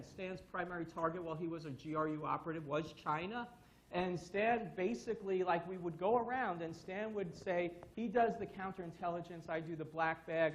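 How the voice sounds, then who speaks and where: A man's voice: high-pitched, low-quality recording. A man giving a conference talk to an audience, telling casual stories with the odd curse word. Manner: casual, profane, storytelling. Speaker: conference speaker. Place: conference stage before an audience.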